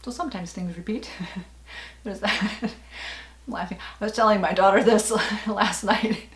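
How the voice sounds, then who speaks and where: A woman's voice: medium pitch, measured pace, fairly bright tone, reverberant. A middle-aged woman vlogging in a casual, rambling way, with many fillers and small laughs. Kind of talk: casual personal vlog talk.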